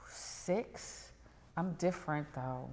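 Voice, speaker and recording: A middle-aged woman telling a personal story as a podcast guest, animated and dropping to whispers at tense moments. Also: low-pitched, in a large hall.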